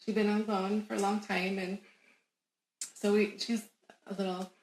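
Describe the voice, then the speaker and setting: A woman guest on an interview show, telling a personal story in an animated, emphatic way and laughing often. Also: medium pitch, unhurried, slight background noise. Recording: roomy echo.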